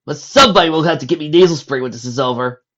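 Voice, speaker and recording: A woman voicing an eager young male talking dog, in a high, excited, chirpy voice. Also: rapid-fire, lo-fi sound.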